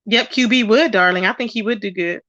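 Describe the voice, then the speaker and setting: A woman hosting a casual livestream, gossiping and reading out chat comments in an animated way. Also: brisk, no echo, muffled recording. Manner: animated, quotes people with rising pitch. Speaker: livestream host.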